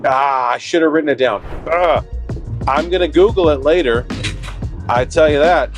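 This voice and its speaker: Chatty storytelling man over soft music. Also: a little high, lively intonation, a little slow. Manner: chatty, storytelling, self-deprecating. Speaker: vlogger and DJ. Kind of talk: casual vlog talk to camera. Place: in a car and at a wedding venue.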